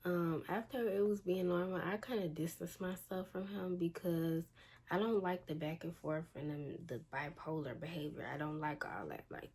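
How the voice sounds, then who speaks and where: A young woman with a lowish, darkish voice recounts a casual storytime as a vlogger. She sounds exasperated and blunt, using slang, over faint background noise.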